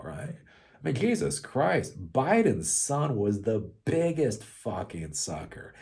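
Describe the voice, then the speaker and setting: A man's voice: fairly low pitch, a little mellow. A middle-aged man ranting about politics in a casual, profane, sarcastic way, rambling and often tagging lines with "right?". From United States. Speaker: political commentary host.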